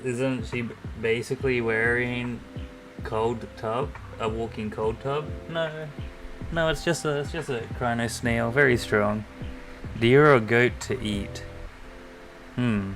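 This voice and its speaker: Soft-spoken man with sore throat. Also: mid-range voice, steady tone, takes it slowly. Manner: soft-spoken, near-ASMR quiet talk. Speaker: live streamer. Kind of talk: casual stream chat. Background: faint lo-fi music.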